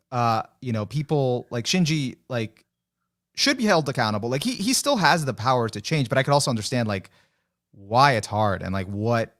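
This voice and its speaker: Podcast guest, male, lively pitch swings, rambling casual talk. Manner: rambling, many fillers, laughs often. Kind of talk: casual chat.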